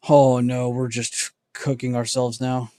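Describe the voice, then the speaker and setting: A man's voice: mid-range voice, little pitch movement, a little slow, dark tone, dry recording. A man hosting a casual livestream, muttering word guesses to himself and reacting to chat with self-mocking remarks. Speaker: livestream host.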